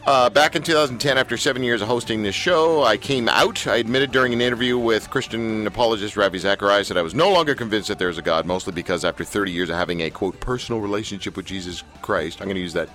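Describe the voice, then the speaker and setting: A man's voice: on the low side, quick pace, hardly any pauses, fairly bright tone, faint music behind. A man hosting a live radio talk show, candid and self-mocking as he speaks into a studio mic. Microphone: studio microphone.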